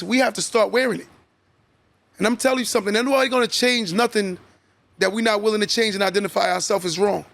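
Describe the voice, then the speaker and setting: A man's voice: sits high, vocal fry, fairly bright tone, dry recording. A man hosting a podcast, giving emphatic, preachy motivational talk and often checking in with "right?". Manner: emphatic, repetitive, keeps asking "right?". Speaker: podcast host.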